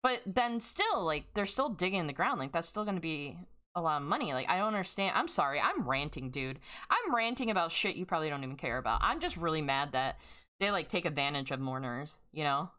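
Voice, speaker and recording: A woman's voice: sits low, very animated, fast, pushed and bright. A young woman game streamer in a casual, emotional rant, grieving and angry, swearing often as she vents. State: grieving and upset.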